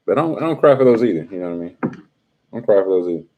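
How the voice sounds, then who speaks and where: A man's voice: low-pitched, lively intonation, quick pace, narrow, tinny audio, slight background noise. A young adult man hosting a casual live stream, teasing and talking straight to his chat in slangy speech.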